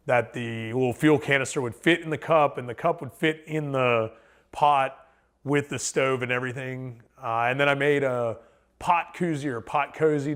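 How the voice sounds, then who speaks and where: A man's voice: mid-range voice, a bit bright, clear, resonant tone. A man, a podcast guest, talking casually and rambling with lots of fillers and restarts. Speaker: podcast guest, thru-hiker. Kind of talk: casual storytelling chat.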